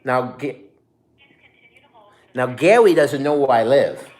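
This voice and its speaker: A middle-aged online reseller tells a story in casual chat, speaking slowly in a mid-range voice. He's animated and swears as he acts out what people said.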